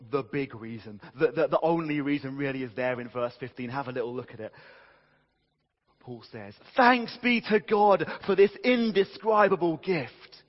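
Male preacher, animated conversational sermon, long church reverb, slightly dull sound. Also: medium pitch. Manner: animated, conversational, with many restarts.

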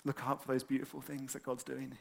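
A man preaching a sermon, animated and conversational, with many fillers and repeated words. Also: mid-range voice, fairly quick, vocal fry. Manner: animated, acts out excited quotes.

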